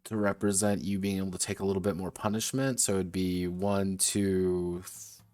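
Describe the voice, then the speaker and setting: Brief: deep-voiced man, designer thinking aloud on stream, mutters and second-guesses himself, dry close sound. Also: steady tone, moderate pace, darkish tone, no echo, faint music behind. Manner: muttering, self-correcting, casual swearing. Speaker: game designer streaming his work. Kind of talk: thinking aloud while designing a tabletop game.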